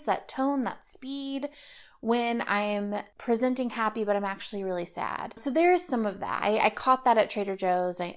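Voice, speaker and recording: A woman in her thirties hosting a solo podcast, talking casually and reflectively with frequent "like" and "kind of.". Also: medium pitch. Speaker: podcast host.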